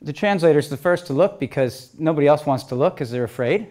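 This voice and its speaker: A middle-aged man telling a story at a talk, lively, moving between loud and soft passages. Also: on the high side, fast talker. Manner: lively storyteller, swings loud and soft, acts out quoted voices. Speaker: speaker telling stories at a talk.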